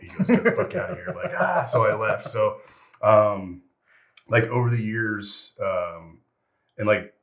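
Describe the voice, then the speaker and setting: This retired veteran, a middle-aged man whose voice sits very low and deep, wanders through service anecdotes as a podcast interview guest. His talk is relaxed, peppered with "you know," "freaking," and a stray swear word, and his tone comes across fairly bright.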